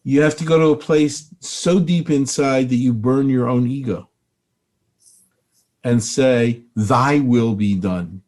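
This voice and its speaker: A man's voice: mid-range voice, steady tone, a little slow, pauses often, warm tone. Older man, rabbi, spiritual teacher, interview, earnest, preacherly, repeats phrases.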